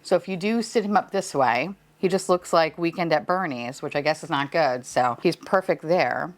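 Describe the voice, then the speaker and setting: A woman's voice: sits low, moderate pace. A woman hosting an unboxing video, chatting casually and gushing over cute finds, with some swearing.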